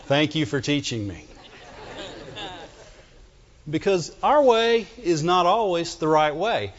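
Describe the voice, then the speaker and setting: A middle-aged male pastor preaching a sermon, animated and joking, often asking the congregation for amens. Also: a little high, slow pace, a little hiss or hum. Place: church. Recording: dull sound with long hall reverb.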